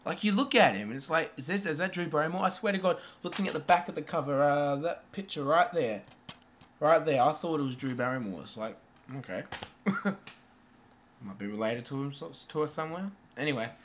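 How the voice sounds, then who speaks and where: A man giving a casual, rambling movie review, swearing freely and filling pauses with um and uh. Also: a little high, animated, a little hiss or hum.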